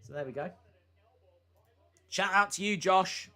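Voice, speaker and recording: A man with a high-pitched, sharp-toned voice hosts a live reaction stream, talking a little slowly. He chats casually, rambling with fillers and asides between bits of commentary.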